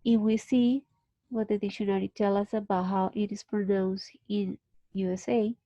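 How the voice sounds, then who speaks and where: Colombian lady teacher walking through pronunciation, mellow dull audio, patient. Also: mid-range voice, little pitch movement, no echo. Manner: patient, explains slowly with restarts. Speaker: English teacher. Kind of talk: online class explanation.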